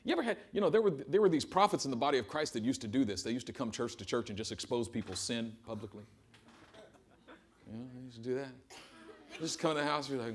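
A man preaching a sermon to a congregation in a church, telling a Bible story with humor and animated storytelling. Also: mid-range voice, quick pace. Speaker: pastor. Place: church service before a congregation.

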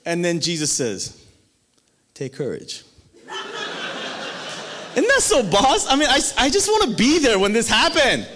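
A man preaching a sermon in a playful, animated way, acting out the people in the story and laughing often. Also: very high-pitched, fairly quick, hardly any pauses, noisy background.

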